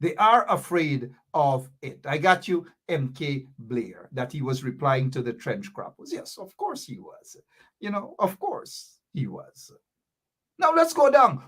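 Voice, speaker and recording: A man's voice: high-pitched, fairly bright tone. A man from Guyana with a Guyanese Creole accent, hosting a live-stream talk show, reading viewer comments and explaining local slang with lots of repetition.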